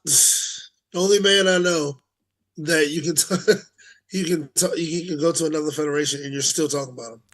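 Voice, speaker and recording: A man's voice: on the high side, steady tone, moderate pace, a bit bright, poor audio. A man co-hosting a podcast in casual chat, laughing often and trailing off with fillers. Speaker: podcast co-host.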